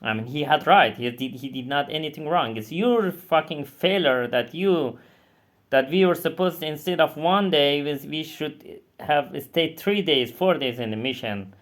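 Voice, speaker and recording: A man's voice: on the high side, animated, fairly bright tone. Bitter, profane man telling his story. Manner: bitter, profane, halting with many restarts. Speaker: former combat interpreter. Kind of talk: angry personal storytelling.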